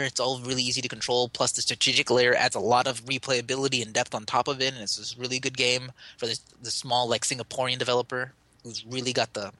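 Podcast co-host, male, bright and forceful, eager rambler who fixes his slips on the fly, dry close mic. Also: mid-range voice, no room sound. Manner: rambling, self-correcting, enthusiastic. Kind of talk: casual chat about games.

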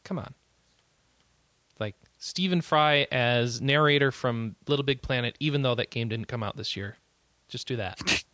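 A man co-hosting a casual podcast, excitable, laughing often and jumping up in pitch when indignant. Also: moderate pace, dry recording. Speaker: podcast co-host. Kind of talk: casual chat.

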